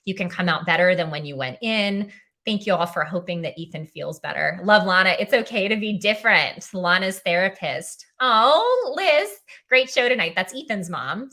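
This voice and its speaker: A woman's voice: lowish voice, bright, forceful tone. A young woman filling in as a livestream host, tired and emotional, heartfelt, saying "um" often and reading viewer comments aloud. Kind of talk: casual livestream chat.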